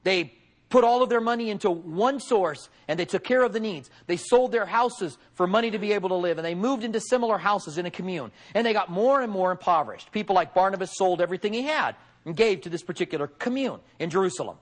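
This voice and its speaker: A middle-aged man preaching in a high voice. He keeps it conversational and folksy, with joking asides to his listeners. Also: expressive, fast. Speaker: pastor. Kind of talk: conversational sermon.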